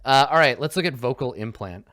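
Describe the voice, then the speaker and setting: A man's voice: medium pitch, animated, a little fast, a bit bright. Rambling man muttering over a game sheet. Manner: rambling, swearing, muttering to himself. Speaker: player in a tabletop game show. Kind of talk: casual chat while building a character.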